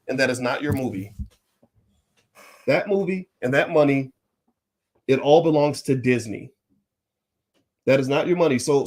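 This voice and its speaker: A man giving a casual opinion monologue as a finance commentator. He talks emphatically, repeats key phrases and laughs while making his points. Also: mid-range voice.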